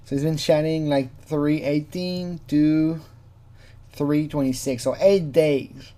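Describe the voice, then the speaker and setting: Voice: medium pitch, steady tone, slow pace, warm tone. A casual true crime commentator who talks freely, laughs often, swears, and mimics the people being quoted.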